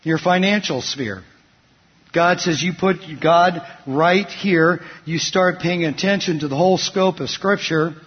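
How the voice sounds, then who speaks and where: A man's voice: on the high side, a little slow, husky. A man preaching a sermon, asking the congregation to fill in words and telling stories from his week. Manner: asks the congregation fill-in questions. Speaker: pastor. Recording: dull sound, long hall reverb.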